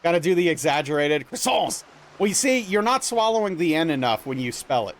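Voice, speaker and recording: A man's voice: on the high side, sing-song, brisk, a little hiss or hum. A young man from Louisiana chatting casually with viewers on a livestream, reading chat aloud and answering playfully with bursts of mock outrage. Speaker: streamer.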